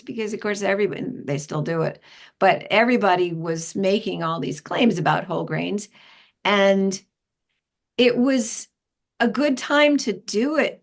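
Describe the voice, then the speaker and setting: An older retired woman being interviewed, telling stories in a lively way and acting out the voices of people she quotes. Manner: lively storytelling, acts out quoted voices with pitch jumps. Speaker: interview guest, retired founding director. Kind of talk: conversational interview.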